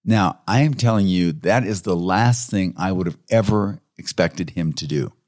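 A man with a deep, low voice works as a counselor and recounts client stories in a relaxed, conversational style. He talks with animation and chuckles between points. The sound is dry and close, with no room echo. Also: normal speed. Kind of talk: conversational interview storytelling.

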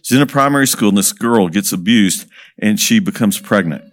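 A man working as a missionary speaker tells a story to an audience, lively, asking questions and chuckling as he goes. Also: fairly low pitch, fairly quick.

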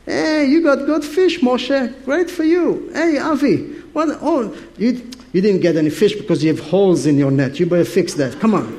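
A man acting out an excitable, stubbornly devout middle-aged fisherman apostle who protests loudly and exclaims. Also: very high voice, normal speed, hardly any pauses, pitched above the performer's own voice. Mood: cheerful banter. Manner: animated, exclamatory, indignant protests.

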